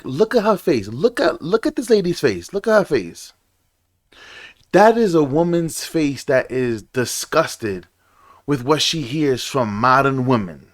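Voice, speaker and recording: A young man hosting a reaction video, ranting casually and swearing often. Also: medium pitch.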